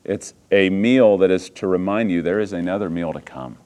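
A man preaching a sermon, swinging from hushed, slow passages to loud, emphatic ones and asking the congregation rhetorical questions. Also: deep voice. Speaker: pastor.

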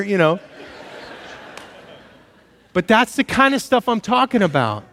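A male pastor preaching a sermon with animated storytelling, sometimes acting out shouted back-and-forth exchanges. His voice sits a bit high. It rings out with a long reverb tail, as if he is in a large room. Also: normal speed, long pauses.

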